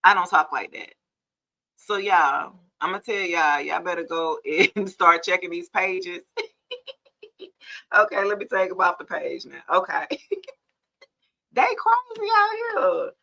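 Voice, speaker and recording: A woman hosts a tarot live stream, chatting loosely and animatedly with viewers. Her voice is bright and forceful, and she talks in a lively, familiar way. The sound is slightly dull and lo-fi. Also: on the low side, unhurried, creaky. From Georgia, US. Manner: chatty and animated, addresses viewers as y'all, laughs often. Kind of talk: casual live-stream chat.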